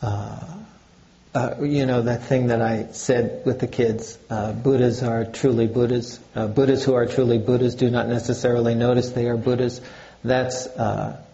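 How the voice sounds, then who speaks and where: Older Zen teacher, dark mellow voice, unhurried and halting delivery. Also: male voice, medium pitch, level tone, dull audio. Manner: slow, halting, with many fillers. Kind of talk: dharma talk.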